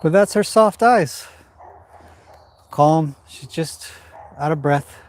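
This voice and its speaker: Calm man training a horse, livestream. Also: on the high side, takes it slowly, a little hiss or hum. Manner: calm, talks to the horse and viewers in turn. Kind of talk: livestream commentary while training. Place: indoor arena.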